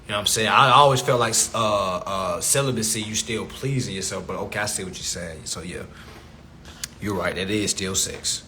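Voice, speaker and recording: A man's voice: fairly low pitch, normal speed, slight background noise. A man talking on a phone live stream in a casual rant, speaking to viewers directly and acting out what others say. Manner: animated, addresses viewers as y'all, acts out others.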